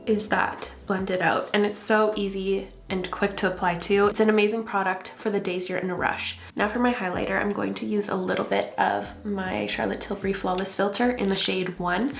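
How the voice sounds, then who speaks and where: A woman's voice: mid-range voice, normal speed, creaky, few pauses, faint music behind. A young woman from Canada chatting casually through a makeup tutorial. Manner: chatty, relaxed product talk. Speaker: makeup vlogger. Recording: roomy echo.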